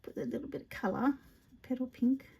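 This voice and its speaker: A woman demonstrating card-making in a casual tutorial, chatting to herself as she works and often dropping into soft half-whispered asides. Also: high voice, fairly quick, vocal fry, slightly rough. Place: indoors at a craft table.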